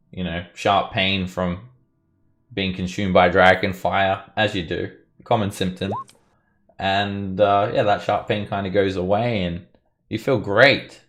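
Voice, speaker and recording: A man narrating a tabletop game as dungeon master, telling the scene in a relaxed, lively way. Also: low voice. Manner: relaxed, lively storytelling with fillers.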